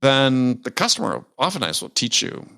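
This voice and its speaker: A man with a mid-range voice, hosting a podcast in casual conversation. He speaks in a relaxed, plainspoken way and offers short agreements as his guest talks. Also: mid-range voice, moderate pace, creaky. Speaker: podcast host.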